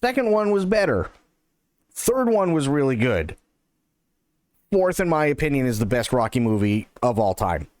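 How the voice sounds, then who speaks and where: A man hosting a livestream, chatting casually in a rambling, animated way, full of fillers and swearing, hyped up on caffeine. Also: mid-range voice, moderate pace, long pauses, no room sound. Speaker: livestream host. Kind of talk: casual streaming chat.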